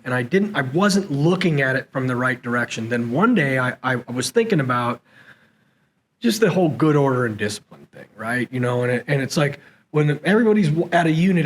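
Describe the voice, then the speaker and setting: A former SEAL leader, appearing as a podcast guest at a conference venue, tells animated stories from his military leadership days in a fairly high voice. Relaxed and conversational, he acts out the voices of the people he quotes. The recording is rough.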